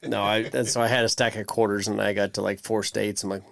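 A man's voice: on the low side, flat delivery, fast, vocal fry, slight background noise. A man co-hosting a podcast in casual chat, wry and laid-back, often trailing off. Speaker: podcast co-host.

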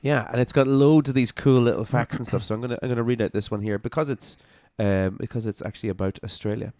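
A man's voice: medium pitch, steady tone, fast talker, mellow, no room sound. An Irish man co-hosting a podcast in casual chat, laughing easily and restarting his sentences. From Ireland. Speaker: podcast co-host.

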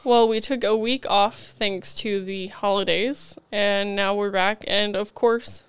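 Young woman, podcast co-host, sick with a raspy cold voice, chatty. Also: mid-range voice, steady tone, takes it slowly. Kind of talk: casual chat.

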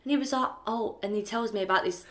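A woman's voice: medium pitch, very fast, a bit bright. A woman, co-hosting a podcast and rambling through self-mocking stories in casual chat, swearing freely. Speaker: podcast co-host.

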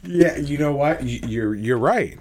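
A young man in casual argumentative banter, profane and animated, laughing often. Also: mid-range voice, a little slow, slight background noise.

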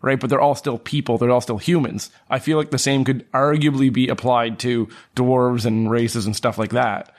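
A man's voice: mid-range voice, steady tone, moderate pace, few pauses. A man playing in a tabletop game podcast, earnestly explaining and arguing his point in casual chat. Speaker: player.

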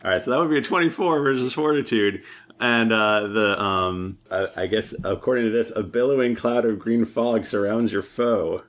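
A man narrating and running a tabletop role-playing game as game master, in a relaxed, halting way with fillers. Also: on the low side.

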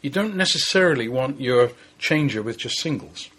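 A man's voice: mid-range voice, lively intonation, fairly bright tone, slightly rough. A man giving opinions on the music business in a casual podcast discussion. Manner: opinionated, rapid explainer. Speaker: music magazine writer.

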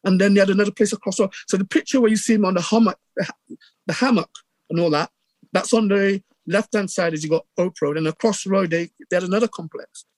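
Animated Bristol man, high voice. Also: quick pace, dry recording. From England. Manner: animated storyteller, acts out quotes, many restarts. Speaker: radio DJ guest. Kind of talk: casual storytelling interview.

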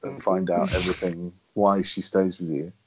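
A man's voice: low-pitched, level tone, normal speed, husky. A man co-hosting a podcast, chatty and teasing, swearing freely. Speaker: podcast co-host. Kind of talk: casual chat.

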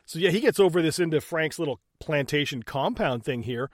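A man co-hosts a casual movie recap podcast, animated and talking fairly quickly. He swears, jokes, recaps scenes and acts out characters in high, silly voices. The studio-quality audio has no echo.

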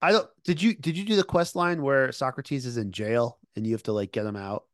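A man's voice: medium pitch, brisk, no room sound, studio quality. A man co-hosting a podcast, casually retelling events with many fillers. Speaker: podcast co-host. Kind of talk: casual discussion.

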